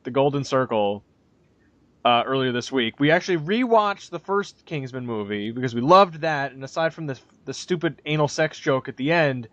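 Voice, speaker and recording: A man's voice: mid-range voice, lively intonation, moderate pace, fairly bright tone, dry recording, lo-fi sound. A man co-hosting a podcast in casual chat, rambling and profane, with frequent restarts and acted-out quotes. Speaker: podcast co-host. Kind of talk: casual chat, movie review.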